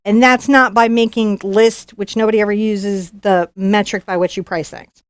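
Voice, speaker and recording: A woman's voice: mid-range voice, clean tone, no room sound, clean studio sound. A woman, a professional artist, hosting a live unboxing, chatting in a bubbly, gushing way. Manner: bubbly, gushing, quick bursts of excitement. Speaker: professional artist and YouTube host.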